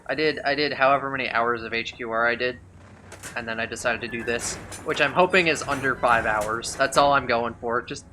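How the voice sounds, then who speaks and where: A man's voice: medium pitch, steady tone, a little fast, bright, forceful tone, a little hiss or hum. A man giving casual gameplay commentary during a speedrun, chatty, sarcastic and rambling.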